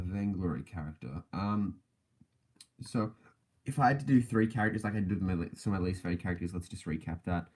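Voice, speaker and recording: A man's voice: sits low, darkish tone. A man hosting a casual podcast livestream, rambling with many fillers and self-corrections and laughing often between thoughts. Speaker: podcast host.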